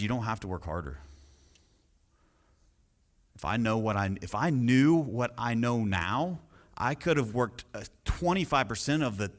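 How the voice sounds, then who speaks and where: A male real estate coach gives an energetic sales training talk in a somewhat low voice. He speaks emphatically and keeps checking in with the audience through questions.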